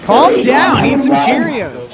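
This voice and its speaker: A man's voice: very high-pitched, huge pitch swings, takes it slowly, over loud music. A man hosting live legal commentary, mocking the footage he reacts to and laughing often.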